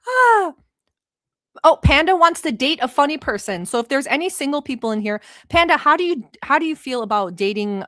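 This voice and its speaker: A giddy woman from the Middle East hosts a casual livestream, and English is not her first language. She sits close to the mic in a dry, deadened space, her voice pitched fairly high. She is playful and crude, swearing as she reads chat comments aloud. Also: fairly bright tone, no room sound. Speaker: livestream host.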